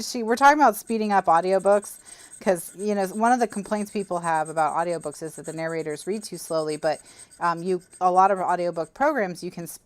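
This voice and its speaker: A woman hosting a live crafting stream, chatting casually and rambling with lots of fillers and restarts. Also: on the low side. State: has the hiccups. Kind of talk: casual chat while crafting.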